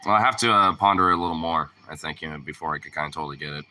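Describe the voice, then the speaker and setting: Low-voiced man with a sharp, bright tone. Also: racing, slight background noise. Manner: rambling and profane, full of "like" fillers. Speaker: streamer. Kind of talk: casual chat.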